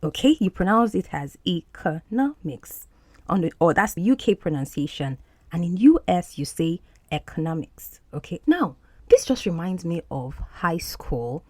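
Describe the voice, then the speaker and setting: A woman walks learners through expressions from film scenes, repeating key words patiently. Her voice is fairly low. The recording is dry and close. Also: very animated, moderate pace, a little mellow, no echo. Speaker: English teacher. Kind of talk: explaining film clips in an English lesson.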